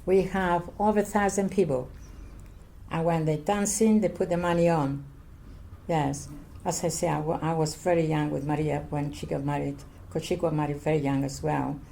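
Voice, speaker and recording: An older woman from Cyprus speaks in broken, repetitive English, Greek being her first tongue. Her voice sits fairly low and sounds mellow and soft. She tells her story earnestly, like an oral history interview. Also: steady tone, creaky, slight background noise. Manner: halting, repetitive non-native English, earnest.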